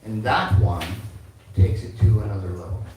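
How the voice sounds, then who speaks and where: A man's voice: fairly low pitch, moderate pace, noisy background. Older man teaching in an echoey temple. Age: 70s. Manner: recites Sanskrit verses and teaches with asides to the audience. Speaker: temple speaker. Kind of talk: devotional class. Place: large echoey temple hall. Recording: echoey hall from far off.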